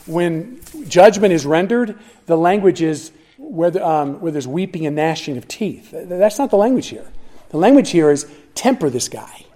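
A pastor delivering an expository sermon, emphatic and animated, often restarting his phrases as he works through the text. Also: high voice.

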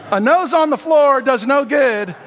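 A man's voice: very high-pitched, slow, a bit bright, long reverb tail, a faint crowd. A male pastor giving a sermon in a folksy, storytelling way with lots of "you know" fillers.

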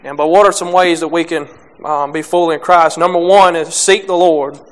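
Young male preacher, unpolished and hesitant delivery, clear resonant tone. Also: a little high, steady tone. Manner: halting, many restarts and fillers. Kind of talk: sermon.

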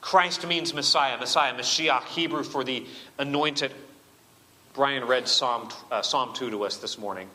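A man's voice: mid-range voice, measured pace, bright, forceful tone. A man preaching a sermon as pastor, emphatic and full of rhetorical questions. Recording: long reverb of a church hall.

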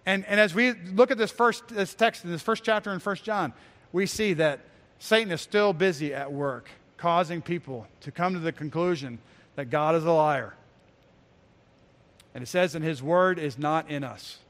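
A man preaching a sermon as pastor, earnest, rising loud on key points and sinking soft and low. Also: normal speed, big-room sound.

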